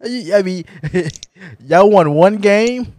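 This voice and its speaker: A man's voice: high voice, slow pace, darkish tone, no room sound. A man co-hosting a casual sports podcast, teasing his partner with frequent laughs and stammered restarts. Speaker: podcast co-host.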